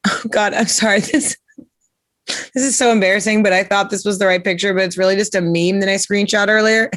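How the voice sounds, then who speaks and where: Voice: mid-range voice, steady tone, brisk, a bit bright, dry recording. A comedian hosting a casual interview, rambling and joking with many fillers and restarts. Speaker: comedian host. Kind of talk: casual live-stream interview chat.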